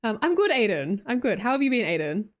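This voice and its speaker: A woman's voice: medium pitch, very animated, fast talker. A playful woman with an Australian accent, chatting late at night with her livestream viewers and laughing often. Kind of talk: casual livestream chat.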